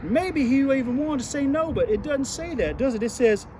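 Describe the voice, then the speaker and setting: This very high-pitched yet mellow male voice is expressive and moves at normal speed. Speaking in character outdoors amid traffic noise, he delivers a folksy, playful Bible lesson to children.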